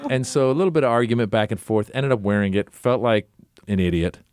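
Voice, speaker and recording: A man's voice: lowish voice, fast, a little mellow, clear, resonant tone, no room sound, studio quality. A middle-aged man, a comedian and actor, telling casual anecdotes as an interview guest and acting out other people's lines. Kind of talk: casual conversational storytelling.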